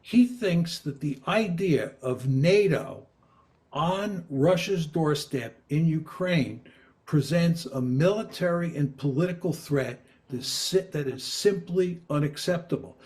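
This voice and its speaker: An older man answering interview questions in a measured, emphatic, lecturing way. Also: a little high, lively intonation, darkish tone. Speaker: interviewee, political scientist.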